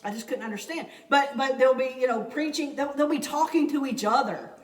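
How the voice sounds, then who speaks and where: An animated, fairly high-voiced woman chats about her experiences, repeating her points and breaking into laughter often. She sits back from the mic, so the room echo comes through. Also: brisk, far from the mic. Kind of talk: casual chat.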